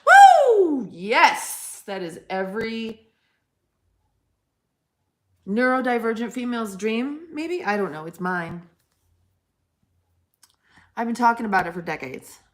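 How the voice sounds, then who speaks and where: A woman's voice: mid-range voice, takes it slowly, long pauses, a bit bright. A woman hosting a livestream, chatting casually with viewers, blunt and profane, calling them by pet names. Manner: teasing, affectionate pet names. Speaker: livestream host answering chat.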